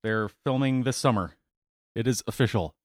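A man's voice: medium pitch, moderate pace, no echo, clean studio sound. A man co-hosting a casual podcast chat, talking loosely, hunting for words and throwing in sarcastic asides. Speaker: podcast co-host.

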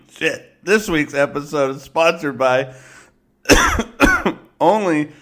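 Hoarse, coughing man co-hosting. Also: fairly high pitch, animated, very slow, a bit bright. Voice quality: hoarse, sick voice. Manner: joking, laughs easily. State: sick, coughing. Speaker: podcast co-host. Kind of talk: casual chat.

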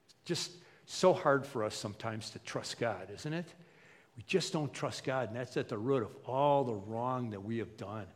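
A male pastor preaching in a casual, animated way, slipping into little voices for the people he quotes. His voice sits at an ordinary pitch for a man. A long reverb trails his words through a large hall. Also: moderate pace. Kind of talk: sermon.

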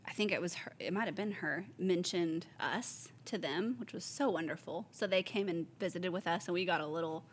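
A woman, a store owner casually telling lively stories, acting out the voices of the people she quotes. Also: on the low side, brisk, hardly any pauses, a little hiss or hum. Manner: animated storyteller, acts out quoted voices, laughs often. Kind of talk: casual chat.

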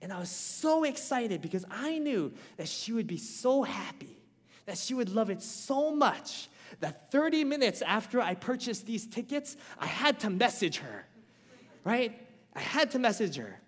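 A man preaching a sermon, telling a personal story in an animated way and often checking in with the congregation with "right?". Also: very high voice, unhurried. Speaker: pastor. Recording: long hall reverb.

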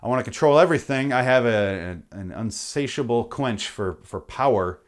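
A man's voice: medium pitch, lively intonation, moderate pace. A man hosting a podcast, ranting comically with heavy swearing and frequent self-interruptions. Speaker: podcast host. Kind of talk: comedic rant.

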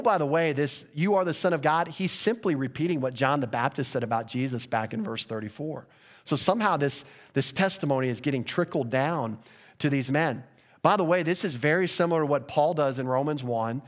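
A man's voice: a little high, expressive, brisk. A male pastor delivering a sermon in a conversational style, asking the congregation rhetorical questions.

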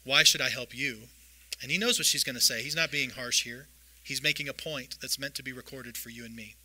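A man preaching a sermon, reading scripture aloud and retelling the stories in a lively way. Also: mid-range voice, fast talker, poor audio. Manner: lively storytelling, reads scripture aloud with voiced asides. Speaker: pastor.

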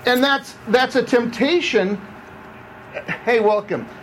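A man's voice: extremely high pitch, slow pace, a bit bright, recorded from a distance, slight background noise, low-quality recording. A man preaching a conversational sermon, asking the audience questions as he goes. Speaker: campus pastor. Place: room with seated audience.

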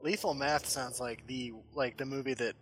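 A man's voice: mid-range voice, fairly even intonation, moderate pace, bright, forceful tone, soft background music. Stammering, jokey man telling a story. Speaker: podcast co-host. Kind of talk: casual chat.

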